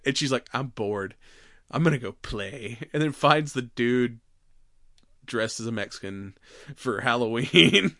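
A man with a bright, forceful voice chats through a movie plot for a podcast. He tells it casually and animatedly, often slipping into the characters' lines and laughing. The sound is dry and close. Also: medium pitch, no room sound. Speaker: podcast co-host. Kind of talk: casual movie recap chat.

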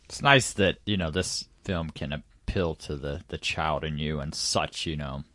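A man's voice: very deep voice, measured pace, fairly bright tone, dry recording. A man in casual podcast chat who teases his co-host with wry remarks and playful puns.

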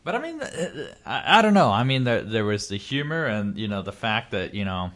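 Low-voiced joking man. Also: big pitch swings, a bit bright. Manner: joking, loose, halting with fillers. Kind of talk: casual movie chat.

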